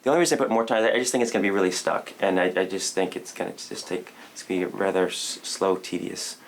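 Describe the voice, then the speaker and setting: Male surgeon, low gravelly voice, halting and matter-of-fact, hospital with faint noise. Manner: halting, repeats words, calm and matter-of-fact. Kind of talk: explaining surgery to a family.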